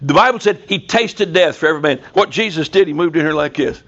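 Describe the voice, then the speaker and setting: A man preaches a sermon to a church congregation in a folksy, storytelling way, rising to sudden emphatic bursts. His voice is husky and sits fairly high. The recording is dull and lo-fi. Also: quick pace, fairly bright tone.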